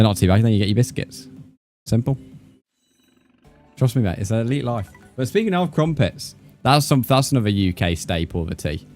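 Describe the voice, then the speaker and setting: Chatty young British streamer, low voice. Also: male voice, a little mellow. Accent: British English. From United Kingdom. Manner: chatty, uses slang like mate and bro. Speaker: gaming streamer. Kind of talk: casual live-stream chat with viewers.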